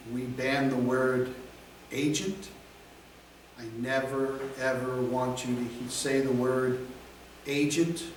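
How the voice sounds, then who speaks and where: A man teaching a real estate class, lecturing in a slow, deliberate and emphatic way. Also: medium pitch, a little mellow, slight background noise. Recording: echoey classroom from far off.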